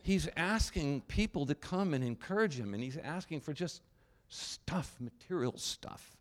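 A man's voice: fairly high pitch, animated, unhurried. A man preaching a sermon as a pastor, in a conversational, wry way with asides and restarts.

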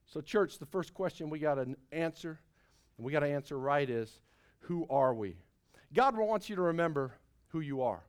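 A man's voice: a little high, animated, moderate pace, clean tone. Emphatic middle-aged male pastor preaching. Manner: emphatic, swings from loud to hushed. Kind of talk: sermon.

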